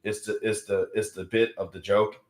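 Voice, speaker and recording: A man's voice: fairly low pitch, little pitch movement, moderate pace, roomy sound. A young man hosting a casual live stream from home, rambling with many restarts and fillers while feeling unwell. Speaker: livestream host.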